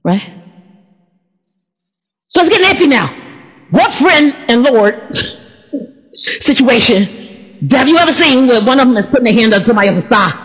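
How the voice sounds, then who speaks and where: A woman preaching an informal sermon, full of laughter and quick asides. She slips into the voices of the people in her stories. Her voice rings with the long reverb of a big hall. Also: a little high, husky. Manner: animated, laughs often, acts out voices. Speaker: preacher teaching the Bible.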